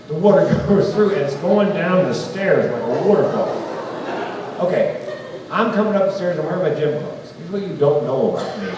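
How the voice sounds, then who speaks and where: Southern man doing stand-up in a hall. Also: on the high side. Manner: storytelling, acts out voices in quotes. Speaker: stand-up comedian. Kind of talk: stand-up comedy with slides. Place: large hall on stage. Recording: roomy hall from a distance, audience noise.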